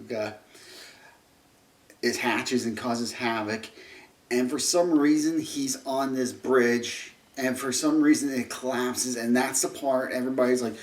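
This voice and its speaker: A man's voice: mid-range voice, fairly even intonation, a little slow. Rambling, sarcastic man reviewing a film. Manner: rambling, restarts often, sarcastic. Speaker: movie reviewer. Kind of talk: ranting film review vlog. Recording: roomy echo, distant mic.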